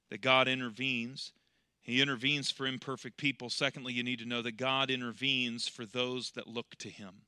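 A man preaching an evening sermon in a repetitive cadence with rhetorical questions. He swings between loud, emphatic peaks and hushed, intimate passages. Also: mid-range voice, little pitch movement, moderate pace, smooth, no echo, clean studio sound.

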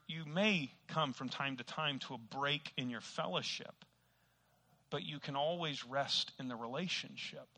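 Middle-aged man, preacher, bright ringing voice, folksy and self-mocking, loud bursts. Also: mid-range voice. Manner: folksy, self-deprecating storytelling with sudden loud outbursts. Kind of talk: sermon with personal story.

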